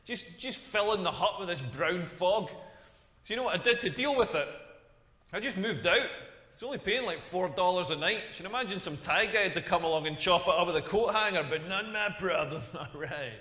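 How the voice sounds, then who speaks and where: A man's voice: high-pitched, animated, fairly quick, pushed and bright, echoey room, big-room sound. An actor with a Scottish accent playing a crude, rambling male stand-up comedian in a game video. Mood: deadpan crude. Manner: crude, rambling, self-deprecating.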